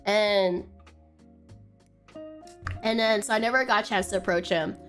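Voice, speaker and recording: A young woman VTuber telling a story on stream in a casual, chatty way, full of fillers and bursts of excited shrieking. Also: mid-range voice, a little slow, soft background music. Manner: animated, laughs and shrieks when excited; frequent fillers like "like" and "um".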